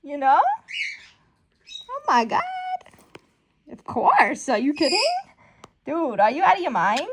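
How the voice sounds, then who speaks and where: Excitable woman recapping a comic, high voice. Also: takes it slowly, pauses often. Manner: excitable, exclaims often, acts out characters' lines. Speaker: comic book recap host. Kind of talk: casual comic recap commentary.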